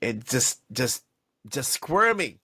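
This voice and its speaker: A man co-hosting a casual sports podcast, ranting in an animated, exasperated way with lots of restarts. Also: mid-range voice, takes it slowly, breathy edge, no room sound. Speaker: podcast co-host.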